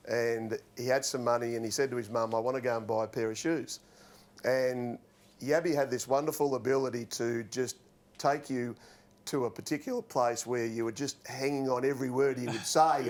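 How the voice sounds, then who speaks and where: An Australian man in his sixties, a former footballer, telling relaxed stories on a panel show and laughing at his own anecdotes. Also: medium pitch. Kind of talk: casual storytelling on a TV panel show.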